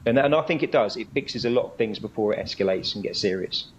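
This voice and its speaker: A man's voice: on the low side, expressive, fast, muffled recording, slight background noise. A man, a police inspector, chatting as a guest in a friendly, affirming way with ums, over a video call. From United Kingdom. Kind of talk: casual interview chat.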